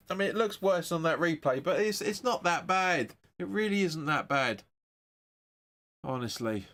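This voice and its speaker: A man hosting a football watch-along stream, giving excitable, sweary live match commentary. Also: on the high side, moderate pace.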